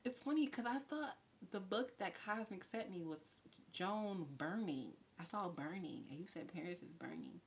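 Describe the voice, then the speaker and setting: A woman doing a live tarot reading, talking in a chatty, effusive way and sometimes dropping to a soft whisper. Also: mid-range voice, lively intonation, moderate pace, slight background noise. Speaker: tarot reader.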